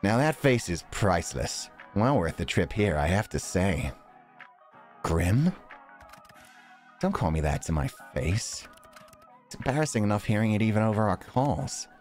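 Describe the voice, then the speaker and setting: A man's voice: lowish voice, sing-song, measured pace, long pauses, darkish tone, soft background music. A man voicing a nerdy, smug grim reaper. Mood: teasing. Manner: nerdy, playfully self-assured. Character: nerdy young male grim reaper trying to act suave. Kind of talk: reading game dialogue aloud.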